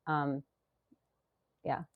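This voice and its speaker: Animated woman telling game stories. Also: very slow, narrow, tinny audio. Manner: animated storytelling, acts out quoted voices. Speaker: podcast guest. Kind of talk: casual interview talk.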